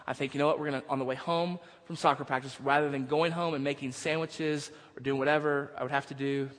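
A man's voice: on the high side, steady tone, fast talker, fairly bright tone. A male pastor preaching a sermon, moving from casual storytelling into emphatic preaching. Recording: long hall reverb.

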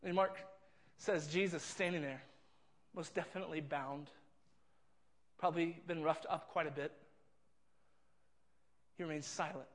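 A man's voice: on the high side, fairly even intonation, measured pace, pauses often. A man preaching a sermon, retelling a scene with earnest, vivid storytelling and frequent repeats. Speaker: pastor.

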